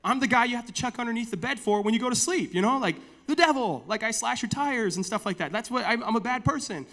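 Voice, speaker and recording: A man's voice: lively intonation, quick pace, fairly bright tone, full character voice. A man voicing a boastful male devil who tries to frighten an old man, in a raised, bragging voice. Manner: brash, bragging, raised higher voice. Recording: long reverb of a church hall.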